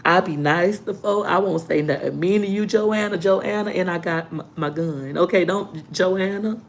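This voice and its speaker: Lively woman telling a story, low-pitched. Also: moderate pace, a little hiss or hum. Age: adult. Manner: animated storyteller, acting out quotes. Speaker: vlogger. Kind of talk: casual storytime vlog.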